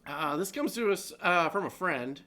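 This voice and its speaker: A man's voice: high voice, lively intonation, normal speed, pushed and bright. A man co-hosting a comedic live-streamed news roundup, rambling and joking, often laughing. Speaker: co-host.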